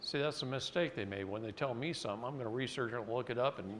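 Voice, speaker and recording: A man's voice: fast talker, crowd noise. A man from Oregon giving a seminar lecture, blunt and folksy, telling a story and then explaining a point. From Oregon, United States. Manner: folksy and blunt, acts out quotes with jumps in pitch. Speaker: seminar speaker.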